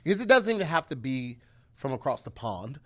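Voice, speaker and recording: A man's voice: mid-range voice, big pitch swings, a little fast, bright, forceful tone. A man with a St. Louis accent, co-hosting a podcast in a joking, casual chat. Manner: joking, playful. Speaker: podcast co-host.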